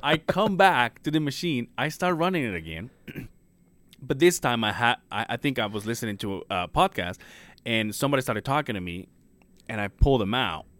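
A male podcast host rambles through a story in casual chat, swearing and laughing as he goes. His voice sits at a middle pitch and sounds dry and close to the mic. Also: lively intonation, normal speed, a bit bright, no echo.

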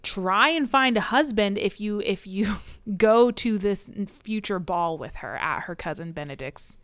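A woman co-hosting a casual book podcast, recapping a novel with lively acted-out lines and laughter. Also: medium pitch, measured pace, clean tone, no room sound, studio quality. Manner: animated retelling, acting out characters' lines with swearing and laughs. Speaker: podcast co-host. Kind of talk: casual book-club chat.

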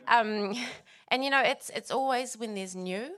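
A woman's voice: fairly high pitch, unhurried, fairly bright tone. A woman, a pastor's wife sharing her personal testimony, emotional at times and laughing between phrases.

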